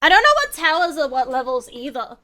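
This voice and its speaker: Chatting casually over her gameplay, a young woman with a high-pitched, brisk voice rambles on. She swears freely and erupts now and then into excited outbursts.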